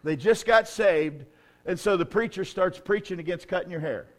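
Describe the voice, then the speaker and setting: A pastor preaches in a folksy, joking way, with his voice sitting a little on the higher side for a man. He tells his stories with plenty of humor and then rises to loud, emphatic bursts. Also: normal speed. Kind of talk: sermon.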